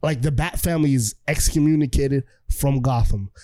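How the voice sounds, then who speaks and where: A young man hosting a casual podcast, retelling comic-book plots in a lively, profane way and slipping into quick character voices. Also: medium pitch, no room sound. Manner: animated, profane storytelling full of quick character impressions. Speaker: podcast host.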